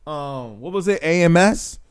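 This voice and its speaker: A man's voice: on the high side, expressive, measured pace, clear, resonant tone. A man, hosting a channel and talking bluntly and emphatically, often tagging lines with "man" and "right?". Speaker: channel host. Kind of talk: casual monologue to camera.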